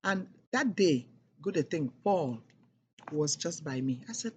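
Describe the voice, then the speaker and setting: A woman's voice: sits low, lively intonation, a little slow, a little mellow, a little hiss or hum. A middle-aged woman telling a personal story in an emphatic, repetitive way, leaning hard on key words. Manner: emphatic and repetitive, with heavy stresses. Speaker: speaker sharing a personal testimony.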